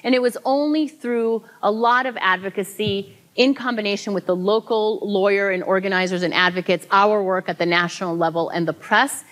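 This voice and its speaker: A woman giving a conference keynote speech, earnest and emphatic, telling people's stories with now and then a laughing aside. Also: on the low side. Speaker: keynote speaker. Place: conference hall.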